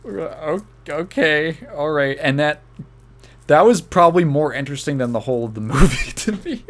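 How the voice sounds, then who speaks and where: A young man hosts a podcast, telling a story casually in a slightly high, expressive voice at a somewhat fast clip. He rambles, restarting often, laughing a lot, and using fillers.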